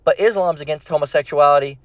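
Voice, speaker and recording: A man preaching informally to his viewers, halting and repeating himself with many fillers and restarts. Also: on the high side, dry recording, highs cut off. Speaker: online preacher. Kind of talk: informal religious commentary.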